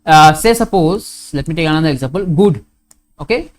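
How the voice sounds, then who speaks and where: A man with an Indian English accent teaching a grammar lesson, going slowly and repeating his examples, often asking a question and then answering it himself. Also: a little high, animated. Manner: slow, repetitive, asks questions and answers them.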